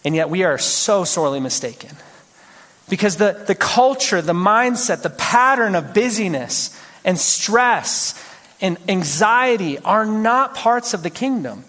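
Male pastor, higher-pitched, animated sermon delivery, long hall reverb. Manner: animated storytelling, rising to exclamations.

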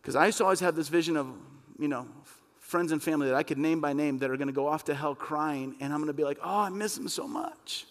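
A man's voice: a little high, fairly even intonation, quick pace. Impassioned male pastor in reverberant hall. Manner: impassioned, rising to emphatic peaks. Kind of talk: sermon. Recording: long reverb of a church hall.

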